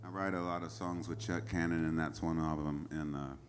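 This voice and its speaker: A man's voice: a bass voice, steady tone, fairly quick, music in the background. A man telling rambling stories between songs on a small concert stage, with many fillers and chuckles. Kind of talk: casual onstage storytelling.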